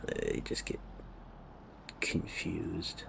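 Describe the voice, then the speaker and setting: Gravelly low-voiced man musing over gameplay. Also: big pitch swings, extremely slow, noisy background. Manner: rambling, musing, drifts to a near whisper. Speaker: gaming video creator. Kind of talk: casual commentary over gameplay.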